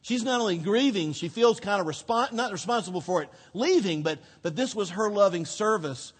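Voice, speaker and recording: A male pastor preaching a sermon, telling the story expressively, dropping to a hush and then rising to emphasis. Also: high voice, a little fast. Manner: expressive storytelling, swinging between hushed and emphatic. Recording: long hall reverb.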